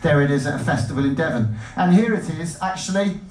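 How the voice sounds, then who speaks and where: Excitable male speaker, fairly high voice, stage talk, roomy distant sound. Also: quick pace. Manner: animated, jumpy, self-interrupting. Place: lecture hall. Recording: roomy hall, mic at a distance.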